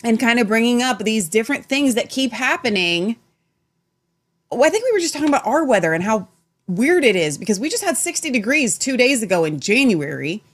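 Rambling chatty woman co-host. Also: a little fast. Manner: animated, rambling, sometimes drops to low mutter. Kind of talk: casual political chat show.

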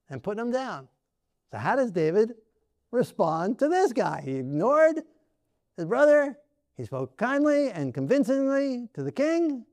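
A male preacher with a fairly high voice talks through scripture in a loose, chatty way, often tossing out "right?" to his listeners. The sound is dry and close, with no room echo around it. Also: darkish tone. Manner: conversational, keeps asking "right?" with laughs. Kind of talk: sermon.

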